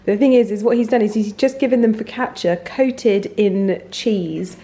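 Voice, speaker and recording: A woman's voice: medium pitch, moderate pace, warm tone. Gushing woman vlogging at home. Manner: gushing, rambling, searches for words. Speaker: lifestyle vlogger. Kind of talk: casual chatty vlog. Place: home, indoors.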